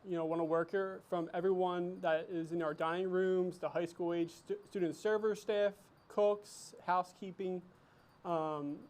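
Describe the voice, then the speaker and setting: A man's voice: high-pitched, darkish tone. A man co-hosting a trivia game, playfully talking in a put-on Western cowboy drawl. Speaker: trivia co-host.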